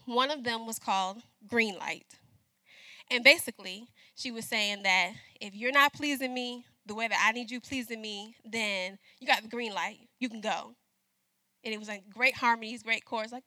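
A middle-aged woman preaches in a loose, talky way, turning often to the congregation for an answer. Her voice is bright and a little high. The sound is dry and close. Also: moderate pace, dry recording. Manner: conversational preaching, calls out to congregation. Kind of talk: sermon.

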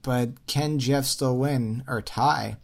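A man's voice: mid-range voice, slow, creaky. A man hosting a casual quiz podcast over a remote call, chatty and thinking aloud as he runs the game. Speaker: quiz host.

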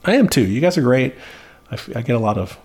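A man co-hosts a laid-back podcast conversation. His voice has a gravelly creak, and he speaks in an easygoing way, often hedging with fillers. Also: mid-range voice, very animated, fast, darkish tone. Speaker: podcast co-host. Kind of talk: casual chat.

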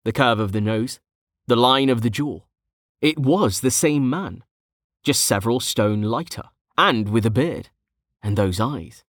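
A man narrating a fantasy story in a steady, scripted storytelling manner. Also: medium pitch, measured pace, dry recording, clean studio sound. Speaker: audiobook narrator.

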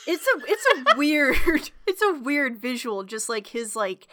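A woman's voice: high voice, sing-song, unhurried, sharp tone. A young woman co-hosting a casual chat, giggly and chatty with lots of filler words.

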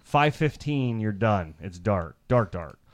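A man's voice: on the low side, sing-song, slow pace. Profane storytelling man, laughing as he goes. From Iowa. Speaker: podcast co-host. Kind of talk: crude storytelling among friends.

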